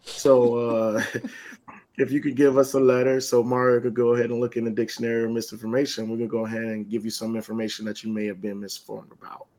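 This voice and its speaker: A man's voice: medium pitch, little pitch movement, fast, darkish tone, low-quality recording. A man co-hosting a podcast, playful and teasing as he explains a segment in casual chat. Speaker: podcast co-host.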